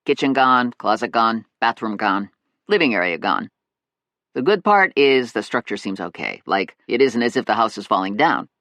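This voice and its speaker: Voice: medium pitch, lively intonation, moderate pace, fairly bright tone, dry recording, voice pushed down. A narrator doing a plain-talking middle-aged handyman. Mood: matter-of-fact. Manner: plain, matter-of-fact.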